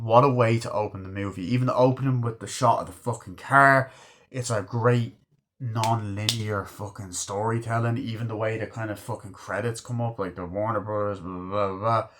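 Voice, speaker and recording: A man's voice: lowish voice, fairly even intonation, moderate pace, a bit bright. Swearing, enthusiastic male movie reviewer. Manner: enthusiastic, swears a lot, acts out scenes. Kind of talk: casual movie review chat.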